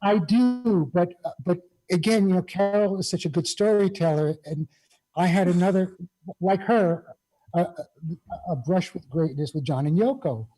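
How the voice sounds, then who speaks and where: A man's voice: high-pitched, animated, normal speed, mellow, rough recording. A man, a guest musician, chatting casually over a video call and telling rambling anecdotes full of "you know".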